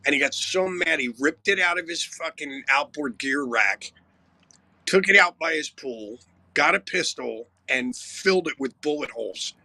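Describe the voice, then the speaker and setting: Brief: male rock singer guest, very bright, slightly high voice, dry close sound, swearing through wild tour stories. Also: moderate pace, vocal fry, dry recording. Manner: animated, profane, wry anecdotes. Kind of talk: casual storytelling.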